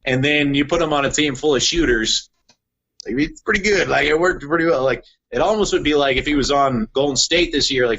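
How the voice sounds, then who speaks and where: A man's voice: mid-range voice, husky. A young adult man chatting casually on a podcast, telling stories with lots of "like". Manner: animated storyteller, heavy use of "like". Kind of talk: casual chat. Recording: dull lo-fi sound.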